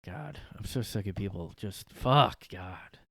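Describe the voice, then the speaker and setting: Male podcast host: lowish, clean, dry-miked voice; rambling sarcastic rant. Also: expressive, measured pace, creaky, a bit bright, dry recording. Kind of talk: casual solo podcast rant. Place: his bedroom.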